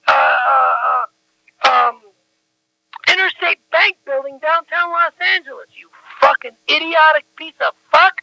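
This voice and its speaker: A man delivering a furious, profane phone rant, stammering and shouting. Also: very high-pitched, unhurried, vocal fry, dry recording, muffled recording.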